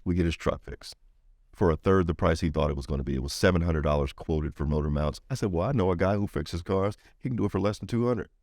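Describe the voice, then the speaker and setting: A middle-aged man speaks in a very low, deep voice, recorded close and dry. He tells his story in an interview with energy and acts out the people in it. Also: fast talker, no room sound. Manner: animated storyteller, acts out quoted voices higher. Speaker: veteran advocate guest.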